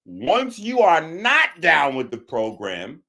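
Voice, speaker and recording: A man's voice: fairly high pitch, wildly swooping pitch, takes it slowly, vocal fry, bright, forceful tone. A man hosting a show, giving a mocking, preachy commentary on a clip he has just played. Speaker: show host.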